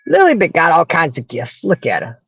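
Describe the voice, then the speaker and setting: Southern woman host, chatty storyteller, gravelly edge, dry, dull lo-fi recording. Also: sits low, wildly swooping pitch, brisk, no room sound. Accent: Southern American. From American South. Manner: chatty storyteller, acts out quoted voices. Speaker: podcast host. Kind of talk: casual chat.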